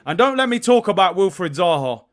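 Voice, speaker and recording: A man in his early thirties, possibly, hosts a live football stream. His voice sits high and bounces around a lot as he shouts out viewers and reads their super chats. The chat is loose and streetwise. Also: sing-song, fairly quick. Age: 30s. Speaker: host of a football watch-along stream.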